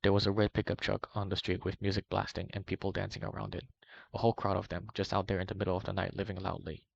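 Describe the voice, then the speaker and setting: Male reader, deep and flat, steady document read-through, dry muffled lo-fi recording. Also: quick pace, creaky. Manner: steady, even first-person reading. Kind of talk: reading a long document aloud.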